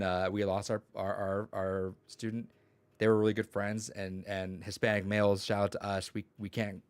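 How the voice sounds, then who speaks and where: Low and smooth, this young man's voice carries rambling, profanity-filled stories with quoted dialogue in casual podcast chat. He co-hosts the podcast and works as a teacher, and there's no echo.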